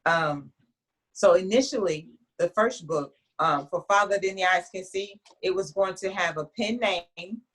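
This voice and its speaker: A woman author in an interview, telling her story in a chatty, lively way with frequent restarts. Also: lowish voice, measured pace.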